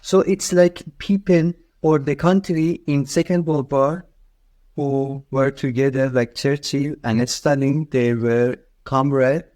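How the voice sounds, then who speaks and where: A man's voice: mid-range voice, steady tone, slow, a little mellow, no echo. A man learning English, hesitant and searching for words in a conversation lesson. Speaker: English student.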